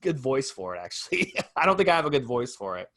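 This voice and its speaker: A man's voice: medium pitch, sing-song, fast, fairly bright tone. A man co-hosting a podcast, talking in an easygoing, encouraging way. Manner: easygoing, encouraging, laughs often. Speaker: podcast co-host. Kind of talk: casual chat.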